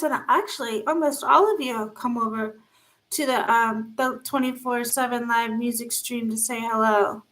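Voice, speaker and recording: A woman's voice: high voice, fairly bright tone, poor audio. A woman hosting a casual live stream, reading text messages aloud and chatting with viewers about them. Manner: reads text messages aloud and reacts to chat. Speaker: livestream host reading viewer comments.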